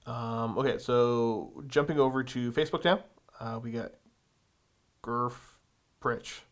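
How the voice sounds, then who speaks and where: A man's voice: mid-range voice, a little slow. Chill young guy co-hosting a hobby chat, drawly and loose, reading viewer questions. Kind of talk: casual chat.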